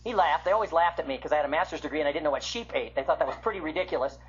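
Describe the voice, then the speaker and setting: Husky older man lecturing. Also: on the high side, rapid-fire. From American Midwest. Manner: animated, swings from loud to hushed. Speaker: Bible teacher. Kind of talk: illustrated lecture. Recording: muffled lo-fi recording.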